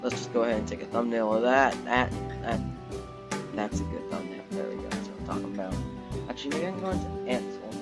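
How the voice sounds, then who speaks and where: A young man giving casual, rambling commentary while playing a zoo game, getting excited easily. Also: medium pitch, fast talker. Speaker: gaming YouTuber. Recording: background game music.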